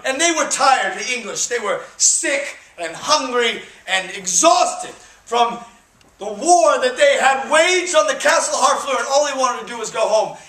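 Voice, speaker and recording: A man's voice: very high-pitched, bright, forceful tone. A man, a touring actor, telling a history story to students in a jokey, conversational, emphatic way, recorded by a far camera in a school auditorium. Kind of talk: theatrical storytelling. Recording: echoey hall from far off.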